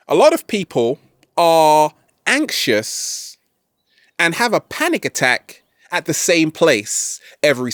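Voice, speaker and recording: A man hosting a self-help video, giving an animated, playful motivational talk to camera. He keeps asking "right?" and throws in jokey catchphrase asides. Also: mid-range voice, dry recording, studio quality.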